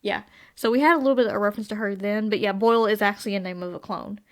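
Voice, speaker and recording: A woman's voice: mid-range voice, rapid-fire. A woman with a mid-range voice co-hosting a fan podcast. She talks casually and at length, often hedging and admitting what she cannot remember. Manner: rambling, unsure, hedging often. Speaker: podcast co-host. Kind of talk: casual chat.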